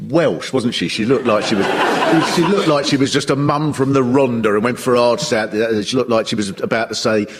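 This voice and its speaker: A British man on a comedy panel, animated and slipping into funny voices. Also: medium pitch, fairly quick, breathy edge. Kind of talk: comic panel banter. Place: radio studio before a live audience.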